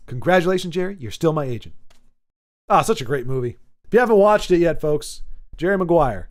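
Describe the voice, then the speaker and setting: A man's voice: fairly high pitch, expressive, a little fast. A man casually chatting with viewers on a live stream, joking and answering the chat aloud.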